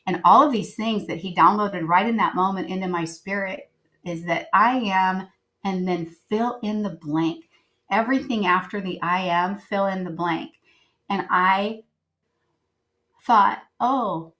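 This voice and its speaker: A woman's voice: mid-range voice, measured pace, a bit bright, rough recording. A woman guest on a podcast, telling a personal story earnestly and reflectively, with many fillers. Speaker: guest, writer and editor.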